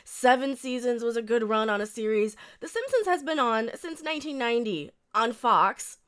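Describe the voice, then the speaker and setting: A woman's voice: on the high side, lively intonation, moderate pace, a bit bright, clean tone. A woman in her thirties reading a news article aloud and breaking into blunt, profane rants, often restarting her sentences. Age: 30s. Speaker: reaction video host.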